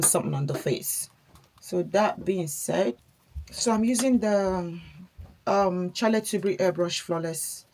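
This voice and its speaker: A woman's voice: lowish voice, a little mellow. A woman chatting casually while doing her makeup, a mother talking in a reflective, encouraging way. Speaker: beauty vlogger, mother.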